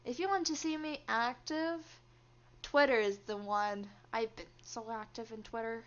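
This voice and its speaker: A woman's voice: fairly high pitch, fairly even intonation, moderate pace, fairly bright tone, dull audio. A young woman streaming a game, reading its story lines aloud and chatting with viewers between them, laughing often.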